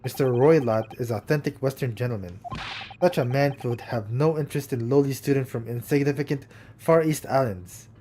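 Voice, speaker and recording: A man's voice: mid-range voice, moderate pace, warm tone, a little hiss or hum, natural voice. A man voicing a burly, surly sailor guard with a put-on Russian accent and broken English. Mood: curt. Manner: broken English, curt and scornful. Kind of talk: reading game dialogue aloud.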